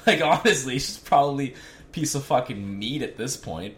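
A man's voice: medium pitch, a bit bright, a little hiss or hum. A young man co-hosting a podcast, bantering in a crude, joking casual chat. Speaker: podcast co-host.

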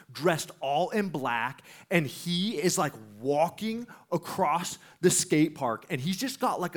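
Animated preacher man telling a story. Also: a little high. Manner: animated, laughing, acts out voices. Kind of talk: sermon storytelling.

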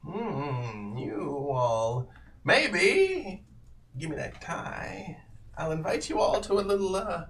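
Man reading a smooth, wheedling fae trader, bright-voiced, polite with a menacing edge. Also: a little high, very animated, slow pace, far from the mic, voice pushed up, exaggerated voice. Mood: sly. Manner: courtly, wheedling, faintly menacing. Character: creepy lantern-bearing male fae trader, smooth and sly.

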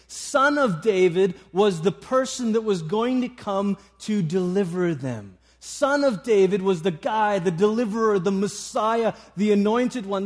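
A man preaching a sermon, retelling a story with frequent restarts. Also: sits high.

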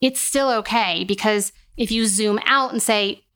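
A woman's voice: medium pitch, a little slow, fairly bright tone. A woman who is an occupational therapist and a podcast guest, speaking in a reassuring, emphatic way and often saying "like". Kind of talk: casual interview conversation.

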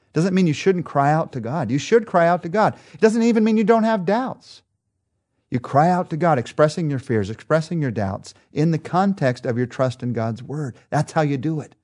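A man giving an earnest, emphatic devotional Bible teaching that turns into a quiet prayer. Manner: earnest, emphatic, drops soft and low in prayer.

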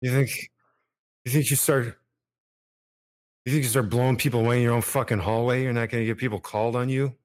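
A man's voice: mid-range voice, steady tone, brisk, long pauses. Man playing a tabletop game. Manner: casual, in-character bargaining. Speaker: player.

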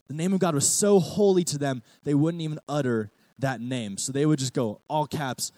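A man preaching a casual youth sermon, reading scripture aloud in a lively, chatty way and calling on the students to repeat words back. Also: fairly high pitch, normal speed, few pauses, no echo. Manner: lively, chatty, many "like" fillers, calls for audience repeats. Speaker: youth pastor.

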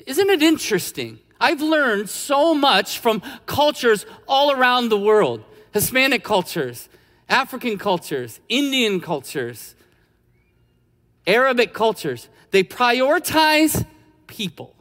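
A man's voice: very high voice, very animated, slow, fairly bright tone. A man preaching a sermon as a pastor, telling a story in a conversational way and then building to emphatic points. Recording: long hall reverb.

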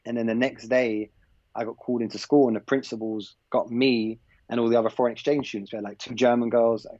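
A man tells a story casually, acting out what people said and leaning on plenty of "like"s. His voice sits at an ordinary middle pitch. The recording is dry, with almost no room sound, and a little dull and lo-fi. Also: flat delivery, fast, darkish tone, no echo. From England. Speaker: podcast guest, basketball coach. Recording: slightly dull, lo-fi podcast audio.

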